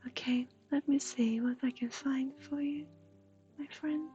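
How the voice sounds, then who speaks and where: A woman giving a gentle, half-whispered livestream psychic reading. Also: sits high, steady tone, measured pace, lo-fi sound, soft background music. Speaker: intuitive reader.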